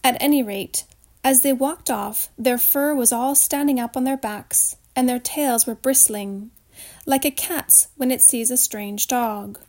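A woman narrates a storybook aloud, steady and expressive. Her voice sits a little high. She reads with even care. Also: unhurried.

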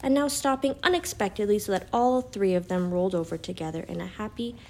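Lady reading a kids' storybook aloud, calm and even, middle pitch. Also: fast talker.

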